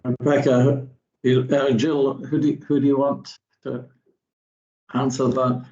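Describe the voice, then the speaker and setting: A man chairing a board meeting, speaking slowly and hesitantly with many fillers. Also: mid-range voice, level tone, mellow, dull audio.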